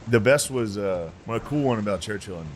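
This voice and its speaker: A low-voiced man co-hosts a comedy podcast, tossing in brief, profane remarks. Faint noise sits behind him. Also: expressive, a little fast. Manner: short agreeing interjections, profane. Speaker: podcast co-host. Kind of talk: casual comedy podcast chat.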